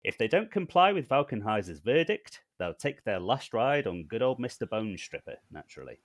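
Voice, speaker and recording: A man's voice: fairly low pitch, very animated, moderate pace, no echo. A man, a podcast co-host reading out a prepared scheme in a wry, mock-formal way.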